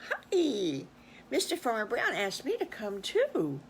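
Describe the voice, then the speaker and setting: A friendly little wolf cheers on his friends with bright encouragement, played by an older woman. The voice bounces lively up and down. It is a gentle storybook animal, not a scary one. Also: a little high, slow pace, husky, voice pushed up, exaggerated voice. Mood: cheerful.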